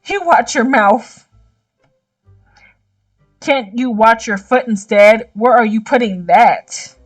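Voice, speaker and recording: A woman's voice: on the high side, no echo, far from the mic, soft background music. A woman reading a smug, teasing young man. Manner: smug, slow teasing delivery. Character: smug, competitive young man with a mean streak.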